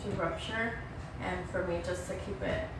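A woman talking hesitantly and haltingly in a casual conversation. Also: on the low side, fairly even intonation. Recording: distant, echoey room with background noise.

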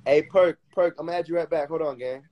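A man hosting a casual livestream on his phone, loud and slangy as he banters with callers. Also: on the high side, fast talker, lo-fi sound. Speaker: livestream host. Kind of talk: casual chat.

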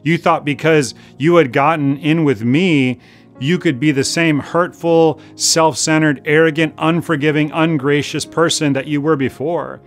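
A pastor voicing a stern company chief. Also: male voice, on the high side, steady tone, soft background music, close to an everyday voice. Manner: grave, measured, accusing. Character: stern male company chief passing judgment. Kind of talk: sermon storytelling.

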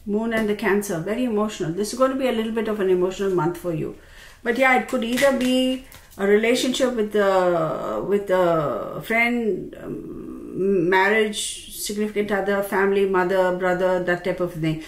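A woman gives a casual tarot reading and talks straight to her viewers in a chatty, expressive way. Her voice sits at an ordinary middle pitch. The recording sounds roomy, with a faint hiss behind her. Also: normal speed. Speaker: tarot reader. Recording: roomy with faint background noise.

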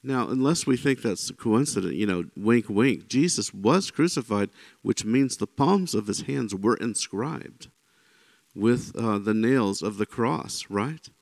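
A man with a fairly low, gravelly voice teaches the Bible informally at a measured pace, often asking "right?" or adding "you know" to check in with listeners. He becomes animated when quoting speakers, and there's no echo.

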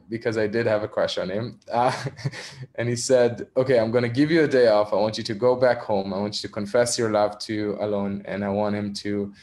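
An Israeli activist with a lowish voice tells a personal story during a virtual talk, recorded over a video call. He is candid and self-deprecating, often saying "um" and laughing softly.

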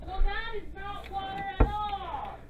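A woman's voice: very high voice, unhurried. A young woman, the gamer's sister, chiming in off to the side and teasing and trading insults with the players. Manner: teasing, bratty, trades insults. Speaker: commentator's sister.

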